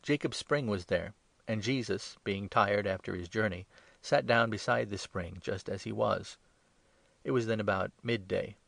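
A man giving a measured, solemn scripted Bible reading. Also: on the low side, gravelly, fairly bright tone, no room sound. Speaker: scripture reader.

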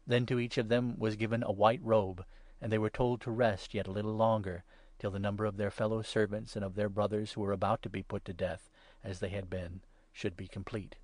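A man's voice: lowish voice, level tone, no echo. Solemn man reading scripture aloud. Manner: measured, solemn reading that swells louder on proclamations. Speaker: scripture reader.

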